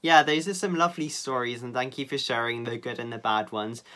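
A man's voice: medium pitch, brisk, bright, forceful tone. A man hosting a casual online interview, upbeat and keen to praise his guest. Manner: upbeat and eager, full of praise. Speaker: interview host.

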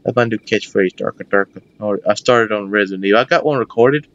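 A man giving casual let's-play commentary on a horror game, excitable and prone to yelping and shouting at the screen. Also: lowish voice, quick pace, dull audio. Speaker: gameplay commentator.

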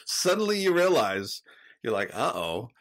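A middle-aged man talking as a guest on a podcast. He speaks in an earnest, reflective way, and his pitch sits in a middle range. It is a plain conversational voice. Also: big pitch swings, normal speed, a bit bright. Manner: earnest, reflective, faith-based talk. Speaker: guest author.

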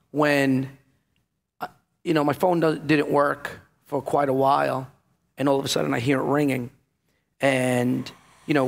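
Gravelly New ex-cop telling his story. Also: medium pitch. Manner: emotional storytelling, acts out the dialogue, many fillers. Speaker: former police officer telling his story. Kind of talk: personal testimony in an interview.

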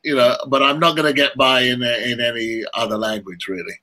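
A man's voice: medium pitch, fairly even intonation, brisk, pushed and bright, poor audio. A man chatting as a guest, modest and hesitant with laughing asides. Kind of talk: casual chat.

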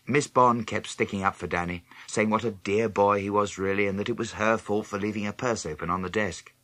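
A man narrating an audiobook with expressive storytelling. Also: sits low, no room sound. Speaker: audiobook reader. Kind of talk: scripted narration.

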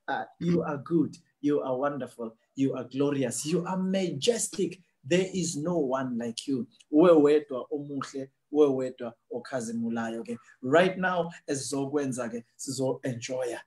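A man's voice: fairly high pitch, darkish tone. A South African man hosting a prophetic church broadcast, exuberant and preacherly, greeting fellow pastors. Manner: exuberant, laughing often, preacherly. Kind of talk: lively church broadcast, mixing English and Zulu.

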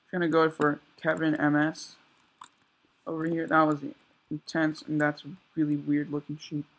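A young man giving casual, excitable commentary while he plays a survival game, exclaiming and joking sarcastically. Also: a little high, gravelly, rough recording. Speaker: gameplay commentator.

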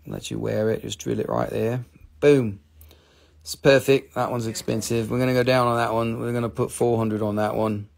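A man's voice: medium pitch, flat delivery, normal speed, gravelly. A man with a mid-Atlantic American accent running a live sales stream of rocks and minerals, with chatty, upbeat salesman patter, talking into a phone held in his hand.

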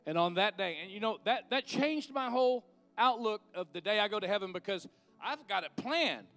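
A man's voice: sits high, animated, moderate pace, pushed and bright, faint music behind. A middle-aged man, preaching a conversational sermon and leading an altar call. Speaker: guest minister.

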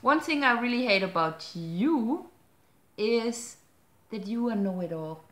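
A woman's voice: a little high, expressive, measured pace, roomy sound. A woman with a German accent, a German native speaker, co-hosting a casual couple's chat, blunt and teasing. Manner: blunt, teasing, sometimes broken grammar. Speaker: co-host of a couple's channel.

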